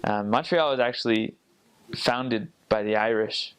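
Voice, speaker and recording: A man's voice: fairly low pitch, a little slow, clear, resonant tone, poor audio. An American man explaining at length in a casual way, often stopping and restarting phrases, heard from a video played back. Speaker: commenter in the reacted video.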